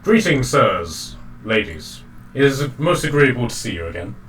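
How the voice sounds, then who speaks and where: A man voicing a smartly dressed, formal gentleman who greets people with polished courtesy. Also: medium pitch, sing-song, moderate pace, reverberant, distant mic, a little hiss or hum. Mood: courteous.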